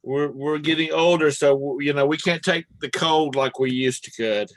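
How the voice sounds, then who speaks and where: A middle-aged man co-hosting a casual chat, teasing and telling drawn-out anecdotes. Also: a little high, fairly even intonation.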